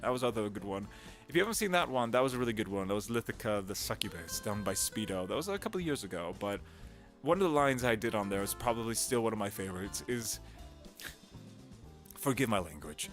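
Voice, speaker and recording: A man, a voice actor, chatting casually on a home livestream with a gravelly vocal fry, giggling and wandering between topics. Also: fairly low pitch, animated, quick pace, faint music behind. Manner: chatty, giggly, drifts into voice demos. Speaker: voice actor streaming.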